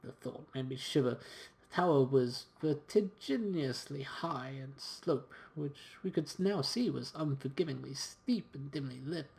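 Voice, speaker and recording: A man reading a video game's narrative aloud between casual asides. His voice is mid-pitched and easygoing, with a relaxed reading manner. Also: unhurried, creaky. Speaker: gamer reading a story game aloud. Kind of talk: casual let's-play commentary and reading aloud.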